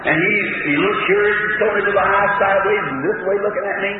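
A man preaching a sermon as a story, emphatic and rising to near-shouting in bursts. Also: high voice, steady tone, fast talker, heavy reverb, over loud music. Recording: distant, tinny, noisy old archive tape.

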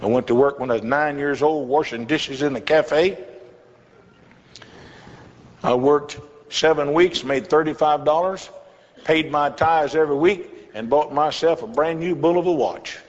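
A man's voice: fairly high pitch, a little slow. An older man, a pastor, telling a folksy testimony in a sermon with chuckling asides. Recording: echoey hall, slightly dull with faint hiss.

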